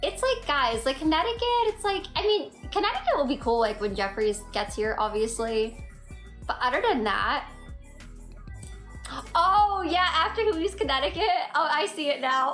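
A woman livestreaming from home on her phone and chatting with viewers. She is giggly and excitable and rambles from comment to comment. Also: high voice, moderate pace. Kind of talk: casual live chat reading comments. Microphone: phone mic. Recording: echoey room with faint music.

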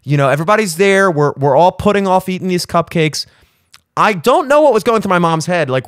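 A young man hosting a solo podcast, telling a rambling, animated story with voiced asides. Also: high-pitched, brisk, no echo, studio quality. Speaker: podcast host. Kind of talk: solo casual chat. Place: home studio.

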